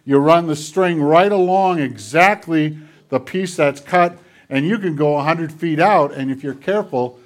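A man preaching a sermon to a congregation, retelling scenes dramatically and dropping into quiet, hushed passages. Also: a little high, measured pace. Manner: dramatic retellings, drops to near whispers. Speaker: pastor. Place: church filmed on camera.

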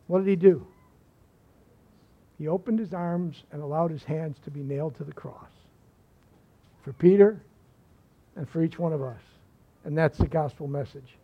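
Man, pastor, high voice, sermon, emphatic then hushed, muffled lo-fi audio. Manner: emphatic preaching, dropping to hushed lines.

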